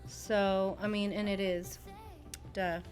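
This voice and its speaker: A woman's voice: mid-range voice, little pitch movement, slow, darkish tone, soft background music. A woman talking casually through a makeup tutorial, gushing and chatty with lots of fillers. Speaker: beauty vlogger.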